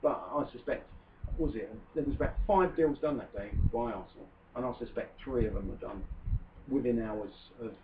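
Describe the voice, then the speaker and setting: A man's voice: medium pitch, fairly quick. A man hosting a casual football podcast, chatting and joking as he talks through transfers. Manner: chatty, joking, puts on mock French accent in quotes. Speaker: podcast host. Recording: distant lo-fi phone-like sound with faint hiss.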